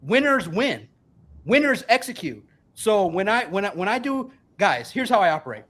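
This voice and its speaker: A man in his forties with a high-set voice holds forth in a casual sports podcast chat. He is emphatic, rambling and heavily profane, sounding a little tipsy from a couple of beers. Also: big pitch swings, moderate pace, a bit bright. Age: 40s. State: a bit tipsy from beer.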